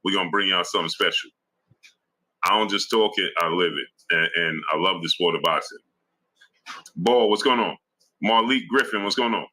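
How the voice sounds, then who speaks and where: A man's voice: low-pitched, moderate pace, long pauses, pushed and bright, poor audio. A man on a boxing live stream, hyping viewers by name in streetwise slang. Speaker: boxing YouTuber reading super chats. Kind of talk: live-stream shout-outs.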